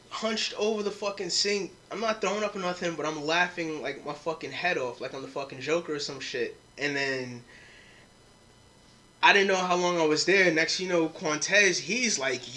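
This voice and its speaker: In a fairly high, sharp voice at a normal pace, a young podcast host tells friends about a wild night of drinking. It's casual and profane, with lots of quoted dialogue.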